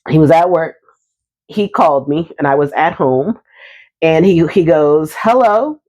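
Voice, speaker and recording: A woman's voice: low-pitched, a little slow, warm tone. A woman podcast co-host chatting casually with a friend, animatedly acting out both sides of a conversation with her husband. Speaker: married housewife and mother. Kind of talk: casual chat between friends.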